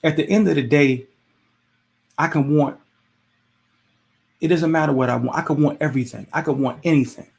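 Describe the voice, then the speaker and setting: Gravelly man giving casual advice. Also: on the high side, fairly even intonation, moderate pace, pauses often, a little mellow. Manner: conversational, repetitive, preachy with rhetorical questions. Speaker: podcast host. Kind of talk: casual motivational monologue.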